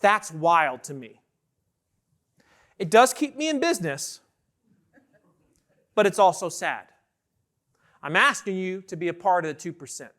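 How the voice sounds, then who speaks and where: High, bright-voiced conference keynote man. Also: unhurried, pauses often. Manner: energetic, questions the audience often. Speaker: keynote speaker. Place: large conference hall with an audience.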